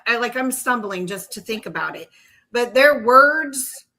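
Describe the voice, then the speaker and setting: Bright, slow-talking woman. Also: on the high side, expressive, low-quality recording. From North Carolina. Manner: giggly, upbeat, reads chat comments aloud. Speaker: podcast co-host. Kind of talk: casual chat.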